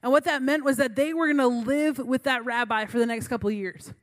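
Brisk and high-pitched, this young woman delivers a sermon built around a funny episode from her life. She chats, makes fun of herself, and laughs between lines.

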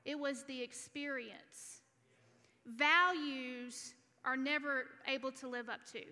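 A woman's voice: high-pitched, takes it slowly, bright, forceful tone. A woman from Alabama preaching a sermon, earnest and teaching point by point. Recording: reverberant church hall.

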